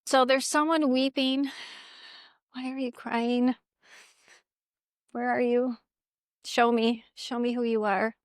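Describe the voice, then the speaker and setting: A woman who works as a psychic medium, chatting earnestly and gently coaxing unseen spirits during a walk outdoors in a cemetery. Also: a little high, level tone, takes it slowly, pauses often, clear, resonant tone, no room sound, studio quality. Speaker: psychic medium and energy healer. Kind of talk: casual talk during a graveyard walk.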